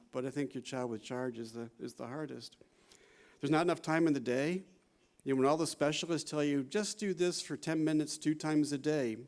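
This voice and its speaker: This psychology professor, a man in his sixties, talks in a fairly high, darkish voice. His conference lecture is conversational, sprinkled with "you know" and "right?" and regular laughs.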